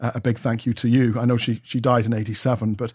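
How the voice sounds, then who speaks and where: A middle-aged man chats enthusiastically on the radio, full of ums and restarts. His voice sits at a middle pitch and sounds close and dry. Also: flat delivery, fast, a little mellow, breathy edge, dry recording. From Ireland. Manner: enthusiastic, chatty with fillers. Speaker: radio reporter. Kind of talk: casual radio chat.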